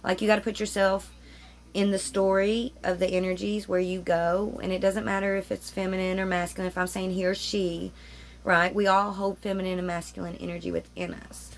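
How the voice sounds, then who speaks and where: A woman's voice: mid-range voice, little pitch movement, brisk. A woman giving a rambling, chatty tarot reading at home, often stopping to interrupt herself. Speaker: tarot reader. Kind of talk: casual spiritual chat to camera. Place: home room with roommates nearby.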